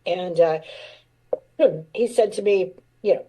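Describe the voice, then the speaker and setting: A woman's voice: fairly low pitch, slow pace, pauses often, dark tone, breathy edge, rough recording. A woman in her sixties, a veteran radio personality, telling candid stories from her career in an interview, laughing now and then. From United States. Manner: candid, laughing, acts out quoted voices. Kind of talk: storytelling interview.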